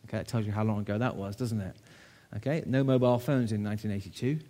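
A man's voice: lowish voice, quick pace, warm tone. A man in his sixties from the United Kingdom preaching a sermon to his church, telling a story in a conversational way with rhetorical questions.

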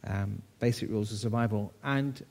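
A man in his sixties from the UK preaches a sermon to his church, telling a story conversationally and posing rhetorical questions. His voice sits fairly low, carries some vocal fry, is a little mellow, and moves at a normal speed.

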